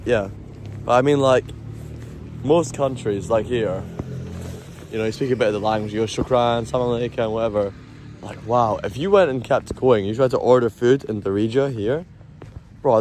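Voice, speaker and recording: A man's voice: mid-range voice, darkish tone, a little hiss or hum. A man with a Scottish accent livestreaming from a phone on a city street at night, chatting casually and swearing often. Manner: chatty, swears a lot, talks to chat. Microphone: handheld phone.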